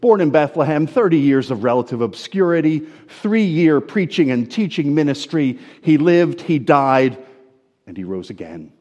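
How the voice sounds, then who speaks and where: Man, American accent, preacher, sermon, expressive storyteller, animated intonation. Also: normal speed, muffled recording. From New Jersey, USA. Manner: expressive storytelling delivery, lively swings of pitch. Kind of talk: sermon with scripture reading.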